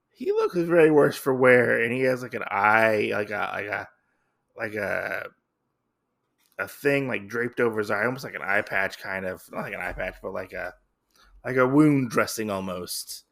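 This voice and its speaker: A man's voice: mid-range voice, gravelly, fairly bright tone. A man hosting a podcast, recapping a comic casually, rambling and hesitant with lots of fillers. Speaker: podcast host.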